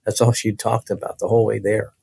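A man telling a personal story as an interview guest, animated and emphatic, often repeating phrases. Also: on the low side, a little fast, creaky, slightly rough, dry recording.

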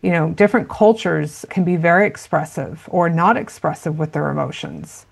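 A woman's voice: low voice, moderate pace, gravelly, breathy edge. A woman speaking as a parenting expert in an interview, explaining earnestly with frequent "you know" fillers. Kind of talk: interview conversation.

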